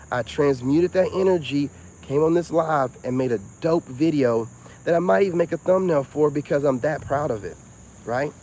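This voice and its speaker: A man's voice: a little high, a little mellow, a little hiss or hum. Self-assured forty-something man live-streaming. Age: 40s. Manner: self-assured, preachy, talks to viewers directly. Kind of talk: casual live-stream monologue.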